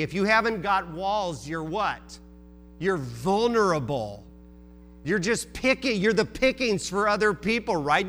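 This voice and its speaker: A man's voice: sits high, a bit bright. A man preaching a sermon as pastor, emphatic and repetitive, asking the congregation rhetorical questions.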